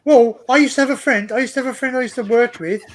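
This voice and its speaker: A man hosts a relaxed livestream chat, his voice sitting fairly high. He rambles, trips over repeated words and laughs often. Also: quick pace. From Australia. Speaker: livestream host. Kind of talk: casual chat among friends.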